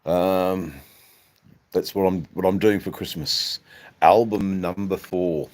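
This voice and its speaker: A man's voice: deep voice, fairly even intonation, slow pace, a little mellow. An Australian man hosting a casual livestream, rambling and swearing as he chats to viewers. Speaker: livestream host.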